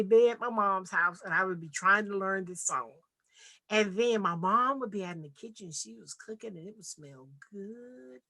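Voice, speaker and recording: A woman's voice: medium pitch, vocal fry, sharp tone. A woman from Nashville giving an earnest, heartfelt personal testimony as a podcast guest. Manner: earnest, heartfelt, vivid retelling.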